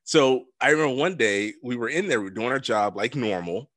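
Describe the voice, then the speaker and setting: A man in his twenties telling a story in casual chat, animated and profane. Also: medium pitch, brisk, no echo, clean studio sound.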